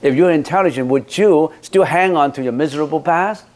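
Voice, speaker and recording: A man's voice: on the high side, brisk, darkish tone. A man as a Buddhist teacher, giving an emphatic dharma talk that answers questions with rhetorical questions.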